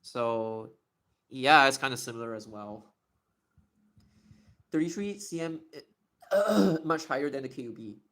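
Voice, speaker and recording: Young male streamer, medium pitch, chatty and explanatory in a casual live Q&A. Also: a bit bright. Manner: chatty and explanatory, slowly stretching out demonstration words. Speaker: live streamer answering chat questions.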